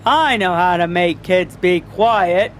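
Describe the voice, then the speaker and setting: A woman voicing a gruff, bossy male school principal with a lowered, blustering voice in a storybook reading. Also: takes it slowly, slight background noise.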